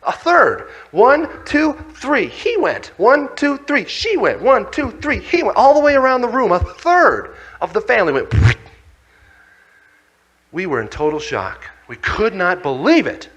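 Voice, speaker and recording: An energetic male speaker tells a dramatic story in a religious talk. His voice is fairly high and bright, and it leaps around with lively swings in pitch. He punches key words with energy. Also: unhurried, slightly rough, lo-fi sound.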